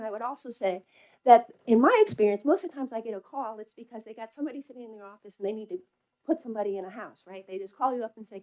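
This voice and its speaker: A middle-aged woman testifying as a foster parent at a hearing, halting and unscripted, with many fillers. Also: on the high side, dark tone, rough recording. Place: legislative hearing room.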